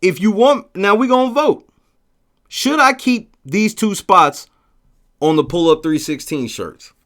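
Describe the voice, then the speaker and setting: A man hosting a casual livestream, talking profanely and telling stories with lively shouted bits as he reads the chat. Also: high voice, a little slow. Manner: profane, animated storytelling with shouted quotes. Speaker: livestream host reading chat.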